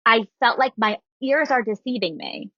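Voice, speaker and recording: A woman's voice: on the high side, moderate pace, dry recording, highs cut off. A woman in her thirties telling a personal story on a podcast in casual chat, acting out what others said. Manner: animated, quotes people in her story. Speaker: guest storyteller.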